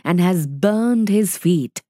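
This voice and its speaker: A woman voicing a gruff, protective male wolf in a read-aloud story, speaking low with grunts. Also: lively intonation, takes it slowly, warm tone, dry recording, clean studio sound. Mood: stern.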